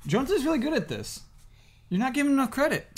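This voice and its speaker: A woman's voice: sits high, very animated, quick pace, darkish tone. A woman playing a tabletop game with friends, talking enthusiastically and cheering the others on. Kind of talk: casual improvised role-play chat.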